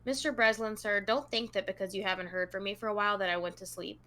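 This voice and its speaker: A woman hosting a true crime podcast, her voice bright and forward. She reads long passages aloud in an easygoing, conversational way. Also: mid-range voice, steady tone, fast talker. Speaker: podcast co-host.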